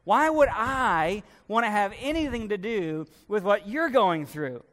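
A man preacher voicing an incredulous listener who mocks and rapidly argues back at Paul. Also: high-pitched, expressive, a bit bright, long reverb tail. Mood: scoffing. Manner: rapid, mocking, exasperated.

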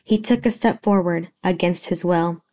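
A woman narrating a romance story in a steady, even reading voice. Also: on the low side, normal speed.

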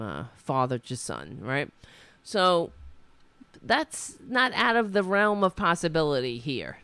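A woman's voice: low-pitched, fairly bright tone, clear, resonant tone, no room sound. A woman hosting a casual political livestream, talking in a rambling, indignant way with frequent restarts. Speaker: livestream host.

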